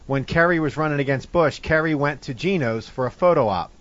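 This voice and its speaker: Man, co-host, animated, higher pitch, dry lo-fi recording. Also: a little fast. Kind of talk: casual chat show.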